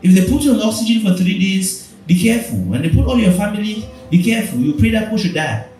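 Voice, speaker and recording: Animated preaching pastor, very echoey hall. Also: male voice, high-pitched, fast talker, distant mic, soft background music. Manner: animated preaching with rhetorical questions. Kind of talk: sermon. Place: church.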